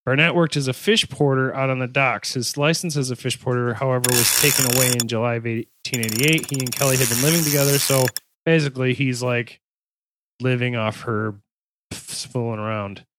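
A man's voice: mid-range voice, steady tone, a little fast, very noisy. A man hosting a casual podcast, reading his notes aloud with jokes and self-corrections. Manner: joking, self-interrupting while reading. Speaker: podcast host.

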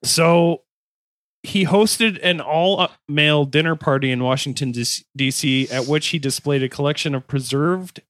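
A man's voice: a little high, measured pace, fairly bright tone, dry recording. A man hosting a casual podcast, reading history notes aloud and breaking into laughs and goofy asides. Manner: laughs often, goofy bits. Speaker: podcast host.

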